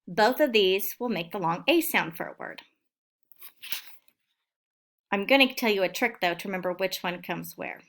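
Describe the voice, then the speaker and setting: Woman teaching phonics slowly and clearly. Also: medium pitch, expressive, a bit bright. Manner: slow, clear teacher talk to young children, sounding out words. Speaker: elementary school teacher. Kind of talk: recorded home-learning phonics lesson.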